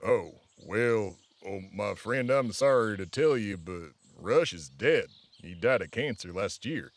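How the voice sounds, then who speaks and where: A man voicing a gruff middle-aged man who answers the door, drawling and blunt. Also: fairly low pitch, animated, unhurried, dry recording, voice pushed down. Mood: somber.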